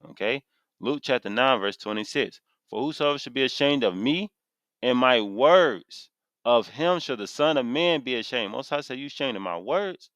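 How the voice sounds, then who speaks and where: Impassioned male preacher, AAVE, mid pitch, dry close-mic sound, reads then hammers verses. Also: animated, brisk, fairly bright tone, dry recording. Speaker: street preacher teaching scripture. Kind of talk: fiery scripture sermon to camera. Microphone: camera mic.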